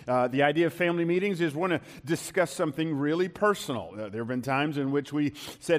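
Male pastor, middle-aged, emphatic sermon, fairly high voice, long hall reverb. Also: lively intonation. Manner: emphatic preaching, slowing and rising on key lines.

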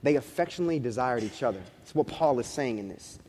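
A man in his thirties preaching a sermon as pastor, telling a story in animated street slang and acting out what people said. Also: mid-range voice, fast talker, slight background noise. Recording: long reverb of a large hall.

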